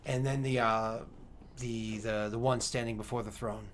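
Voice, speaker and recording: A man narrating a tabletop game as game master, describing scenes with frequent pauses and fillers. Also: mid-range voice, flat delivery, slight background noise.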